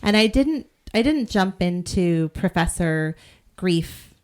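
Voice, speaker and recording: A woman's voice: on the low side, expressive, slow pace, darkish tone. A middle-aged woman from New England co-hosting a podcast, chatty and self-mocking, often trailing off and restarting. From New England, United States. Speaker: podcast co-host. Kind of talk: casual chat.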